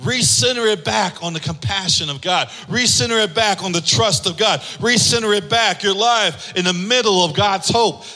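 A man's voice: sits high, normal speed, hardly any pauses, pushed and bright. A man preaching a sermon with impassioned, sung-out lines, acting out voices in his stories. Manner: acts out voices in anecdotes. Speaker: pastor. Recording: long hall reverb.

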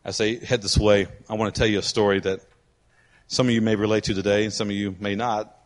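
Speaking fast in a fairly low voice, this male pastor delivers a sermon built around a story, animatedly performing the voices of the people in it. Loud music from live musicians plays behind him, and the sound carries a long hall reverb.

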